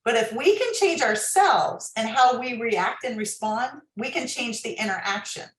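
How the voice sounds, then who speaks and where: A woman's voice: fairly high pitch, lively intonation, moderate pace, roomy sound, rough recording. A woman author, a guest on an interview podcast, explaining advice in a coaching tone. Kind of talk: interview, giving workplace advice.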